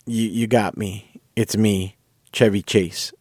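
A man quoting a laid-back, easygoing older male movie star who makes dry, offhand jokes, in his own low voice. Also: fairly even intonation, slow, a little mellow, no room sound. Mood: wry.

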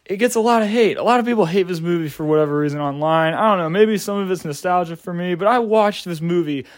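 A man's voice: high voice, fast talker, no echo, clean studio sound. A young adult man giving a casual movie review, rambling with lots of filler words and casual swearing.

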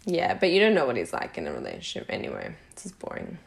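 A woman's voice: extremely low pitch, wildly swooping pitch, quick pace, gravelly. A young woman co-hosting a podcast, giving blunt, frank advice in casual chat with frequent swearing. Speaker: podcast co-host.

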